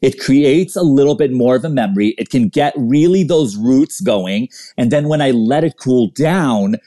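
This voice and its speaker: A man's voice: mid-range voice, lively intonation, moderate pace, mellow. A man guesting in a casual chat, rambling and searching for words as he explains. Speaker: guest hairstylist.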